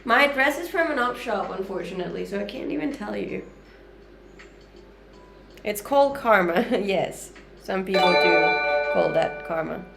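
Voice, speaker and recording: Chatty woman in her thirties, mixed Danish-Canadian-Australian accent, slight fry. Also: mid-range voice, expressive, measured pace, music in the background. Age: 30s. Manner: upbeat, chatty, frequent light laughs. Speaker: livestreamer. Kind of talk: casual livestream chat answering viewer comments. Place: home kitchen.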